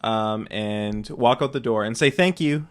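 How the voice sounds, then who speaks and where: A man playing a tabletop game, calmly declaring his character's actions in a laid-back, deadpan way. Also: fairly low pitch, measured pace. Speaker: player. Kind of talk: casual tabletop play.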